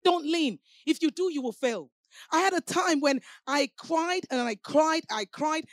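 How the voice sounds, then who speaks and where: High-voiced impassioned woman preacher. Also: animated, a little slow, dry recording. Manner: impassioned, repetitive, swinging from hushed to shouted. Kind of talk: sermon.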